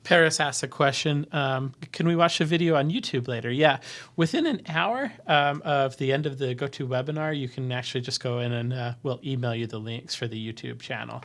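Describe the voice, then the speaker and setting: A man hosting a webinar, reading out viewer questions and demonstrating software in a casual, upbeat way with many fillers. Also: mid-range voice. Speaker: webinar host.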